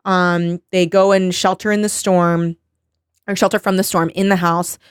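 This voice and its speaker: A woman's voice: on the low side, little pitch movement, normal speed, clear, resonant tone, no room sound, studio quality. A woman in her thirties casually recapping a novel's plot as a podcast co-host, rambling, swearing and quoting characters. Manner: rambling plot summary with quoted voices and swearing. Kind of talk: casual book recap chat.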